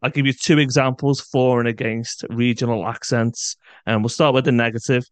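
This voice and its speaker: A man's voice: medium pitch, fairly even intonation, normal speed, dry recording. A British man co-hosting a music podcast, talking casually and bluntly, swearing freely. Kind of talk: casual chat.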